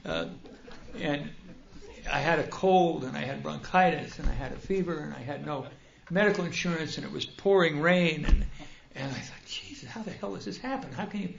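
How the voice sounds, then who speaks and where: An older man, a speaker at a recovery convention, tells his personal story in a humorous, self-deprecating and animated way. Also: fairly high pitch, moderate pace, vocal fry. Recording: dull, roomy hall recording.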